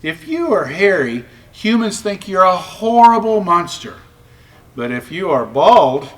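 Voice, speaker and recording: Shy sad storybook piglet girl, polite and plaintive, lively pitch, read by a man, slightly distant mic. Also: measured pace, exaggerated voice. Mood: modest. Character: sad self-conscious young female pig.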